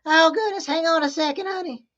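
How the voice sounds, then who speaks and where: A woman's voice: very high-pitched, fairly bright tone, highs cut off. A woman on a live stream, playing along with a caller in a folksy way, calling him honey and drawing out her questions. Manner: folksy, calls people honey, drawn-out questions. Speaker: scam-baiter co-host.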